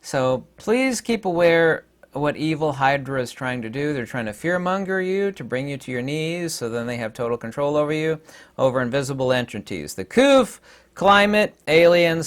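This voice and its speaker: A man hosting his own opinion vlog, talking in an emphatic, rambling, indignant way. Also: medium pitch. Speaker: channel host.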